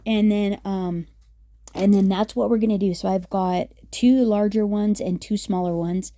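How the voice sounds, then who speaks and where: A woman's voice: mid-range voice, steady tone, unhurried, dark tone, no echo. A woman hosting a casual craft tutorial, chatty and upbeat with many fillers as she works. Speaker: craft video host.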